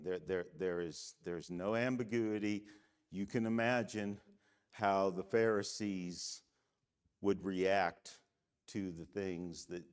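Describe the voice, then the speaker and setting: Deep-voiced man, slow delivery, Bible class teacher, emphatic, middle-aged, from the United States. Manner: measured, emphatic, frequent "Okay?" checks. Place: church classroom.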